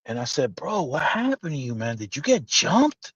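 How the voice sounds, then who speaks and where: A man telling a story in casual podcast chat, animated and profane, acting out the dialogue. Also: on the high side, normal speed, breathy edge, no echo. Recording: dull, slightly lo-fi dry sound.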